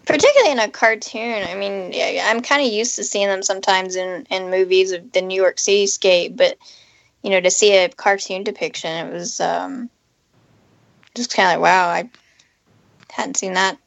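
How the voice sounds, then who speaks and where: A woman's voice: medium pitch, moderate pace, creaky, no room sound. A woman co-hosting a podcast, chatting casually and hesitantly with plenty of fillers. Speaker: podcast co-host. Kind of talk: casual chat. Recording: dry, dull lo-fi mic.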